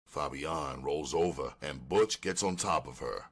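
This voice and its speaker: A man narrating the stage directions of a screenplay in a slow, measured, flat delivery. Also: very deep voice.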